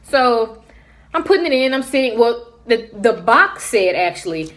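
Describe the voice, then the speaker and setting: A young woman with a slightly high voice tells a casual story to her viewers. She is animated and slips into the voices of the people in her story. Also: unhurried. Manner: animated, acts out what others said. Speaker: vlogger.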